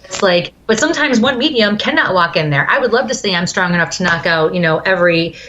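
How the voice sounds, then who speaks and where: A woman's voice: lowish voice, animated, quick pace. A woman, a medium and podcast guest, talking earnestly and emphatically in casual chat. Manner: earnest, emphatic, warm laughs. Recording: muffled remote call line with light hum.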